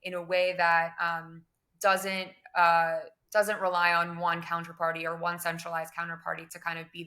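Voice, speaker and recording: A young woman talks through her career in a relaxed interview, weighing her words and hedging often. Her voice sits low and rather flat in pitch, but the tone is bright and forward. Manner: measured, many fillers and hedging phrases. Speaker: guest, crypto business development director. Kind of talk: conversational interview answers.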